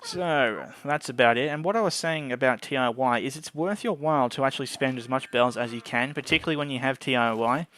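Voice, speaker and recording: A man's voice: mid-range voice, a little fast, hardly any pauses, fairly bright tone. A man giving casual gameplay commentary into a desk microphone, chatty and often tripping over his words. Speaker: gameplay video host. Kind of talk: casual let's-play commentary.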